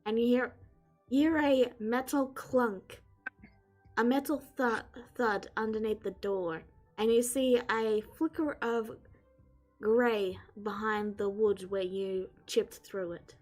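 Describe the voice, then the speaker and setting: A woman's voice: on the high side, fairly even intonation, slow pace, a little mellow, faint music behind. A woman narrating a tabletop game as game master, hesitant and full of fillers.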